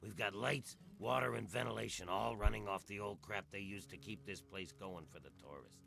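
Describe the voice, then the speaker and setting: A man voicing a world-weary ghoul townsman in a video game, with a rough, drawling folksy voice. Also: on the low side, moderate pace, fairly bright tone. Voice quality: gravelly, rough voice.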